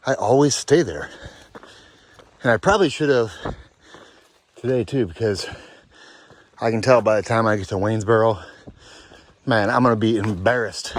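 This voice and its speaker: A man filming himself while hiking on a forest trail, giving an upbeat, chatty casual vlog update and often tossing in "baby". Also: mid-range voice. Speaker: thru-hiker vlogger. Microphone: handheld camera, selfie.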